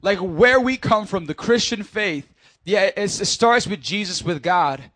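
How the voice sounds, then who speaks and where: A man's voice: high-pitched, animated, unhurried, a bit bright, no room sound. A man preaching in a casual, conversational way, speaking directly to his congregation and acting out Bible scenes. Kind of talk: sermon.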